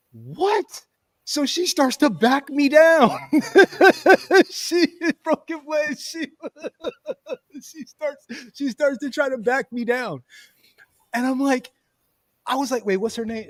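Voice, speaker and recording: Male host, high voice, dry close sound; animated storyteller who laughs a lot. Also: no echo. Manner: animated, laughs often, says "bro" and "you know what I'm saying". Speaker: podcast host. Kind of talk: casual storytelling chat.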